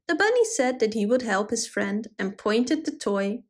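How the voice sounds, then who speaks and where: A woman's voice: on the high side, normal speed, few pauses. Woman reading a children's story aloud. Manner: expressive read-aloud.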